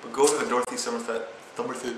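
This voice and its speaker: Brief: young woman, very low gravelly voice, playful chat, whispery asides, very echoey room. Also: fairly even intonation, racing. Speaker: acting student. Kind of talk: casual chat. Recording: very echoey room with faint noise.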